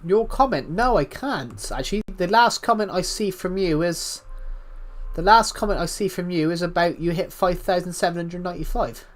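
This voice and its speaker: A British man streaming live and chatting with viewers, talking calmly with frequent restarts, his voice thick from being slightly ill. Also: high-pitched, normal speed. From United Kingdom. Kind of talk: casual live stream chat.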